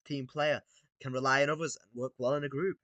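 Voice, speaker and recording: Bright-voiced man reading aloud casually. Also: mid-range voice, fairly even intonation, fairly quick, no echo, highs cut off. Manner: casual, swears and laughs between read lines. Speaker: video creator. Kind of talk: reading out and reacting to AI-written battles.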